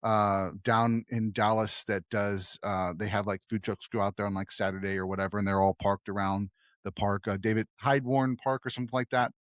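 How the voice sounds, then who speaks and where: A man's voice: fairly low pitch, little pitch movement, a little fast, no room sound, studio quality. A man hosting a film podcast, talking casually and rambling, often trailing off and restarting. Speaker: podcast host.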